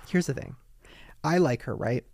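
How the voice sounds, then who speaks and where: A podcast co-host with a slightly high voice chats casually and gossipily, often mimicking people as he tells stories. The sound is clean studio audio with no echo, and his manner is animated throughout.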